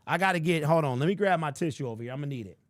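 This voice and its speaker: A man's voice: on the high side, animated, racing, no echo, studio quality. A man hosting a sports podcast in casual chat, joking, laughing at his own stories and talking straight to viewers.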